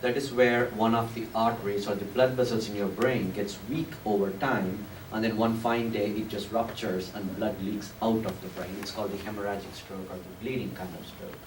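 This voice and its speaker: A man with a fairly low voice explains medical matters patiently, with plenty of "um"s and "like"s. He sounds far from the mic in a reverberant room. A faint background hiss sits under his voice. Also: fairly even intonation, moderate pace, hardly any pauses. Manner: patient, explanatory, many fillers. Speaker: stroke doctor answering questions. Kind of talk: explanatory talk at a public event. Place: large room with an audience.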